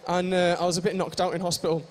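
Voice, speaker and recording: A man's voice: sits high, little pitch movement, fast talker, slight background noise. A young man hosting a live stage show, joking and teasing the audience in improvised comic banter. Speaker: stage host at a live fan convention.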